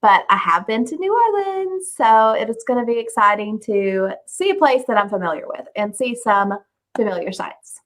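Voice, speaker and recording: A woman's voice: fairly high pitch, lively intonation, normal speed, a bit bright. Easygoing young woman co-host. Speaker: podcast co-host. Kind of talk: casual recap chat.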